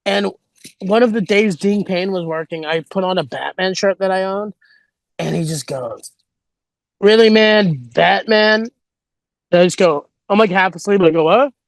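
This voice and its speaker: Sitting high in pitch and gravelly, this man's voice moves at a moderate pace with no echo. He's a comedian guesting on a podcast, telling rambling stories in casual chat and performing other people's quotes.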